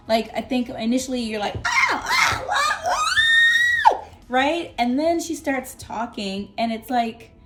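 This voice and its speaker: A young woman sits at her desk recounting a storytime vlog with plenty of excitement, exclaiming, laughing, and squealing as she goes. She speaks in a slightly high voice.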